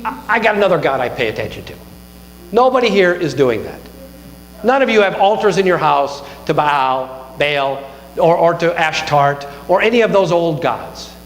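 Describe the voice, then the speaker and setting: A man preaching a sermon, retelling a Bible story with lively asides and questions to the room. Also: a little high. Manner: animated storytelling with asides like "right?". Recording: echoey hall with faint mains hum.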